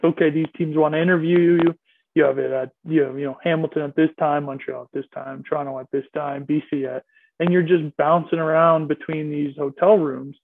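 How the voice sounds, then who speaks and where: A man guest telling relaxed, rambling stories about his playing days in a casual interview. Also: fairly high pitch, vocal fry, no echo. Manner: relaxed, rambling anecdotes with fillers. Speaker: guest, former player. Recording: tinny phone-like line.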